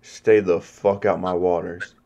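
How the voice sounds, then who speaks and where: A man's voice: low voice, level tone, measured pace, vocal fry, mellow, muffled recording, pitched below the performer's own voice. A man voicing a huge, menacing sea monster who talks in dismissive, profane slang.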